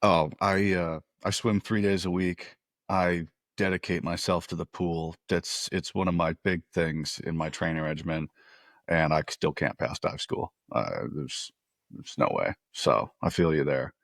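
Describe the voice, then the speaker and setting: A man's voice: low-pitched, unhurried, vocal fry, no room sound, clean studio sound. A man hosting a casual interview podcast, blunt and swearing freely. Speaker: podcast host.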